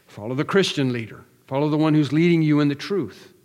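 A man's voice: fairly high pitch, brisk, a little mellow, big-room sound. A man preaching an expository sermon, earnest and emphatic, building through repeated phrases with frequent restarts. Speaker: pastor.

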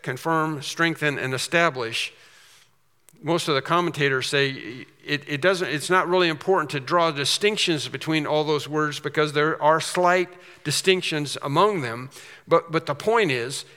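A man preaching an expository sermon, emphatic, slowing down and repeating phrases for stress. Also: a little high, sharp tone. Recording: long hall reverb.

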